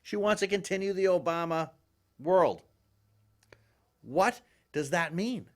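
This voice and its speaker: A man hosting a live political talk show, ranting in an animated, exasperated way with frequent restarts. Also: high voice, takes it slowly. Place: live studio with guests.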